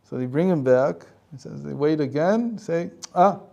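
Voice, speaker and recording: A man's voice: a little high, lively intonation, moderate pace, creaky, warm tone, dull audio. A man, a rabbi and teacher, telling a story in a conversational lecture with frequent chuckles.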